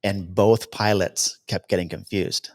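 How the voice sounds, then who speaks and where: A man, a helicopter cameraman guest, telling stories casually and acting out the dialogue he quotes. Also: unhurried. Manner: anecdotal, acts out quoted dialogue with lively pitch jumps. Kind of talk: casual storytelling interview.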